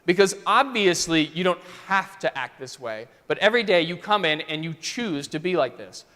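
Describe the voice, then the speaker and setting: A man's voice: a little high, animated, normal speed, pushed and bright. A man voicing an earnest young male teacher who keeps pressing a student with questions, in a sermon story. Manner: probing, earnest. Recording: long church reverb.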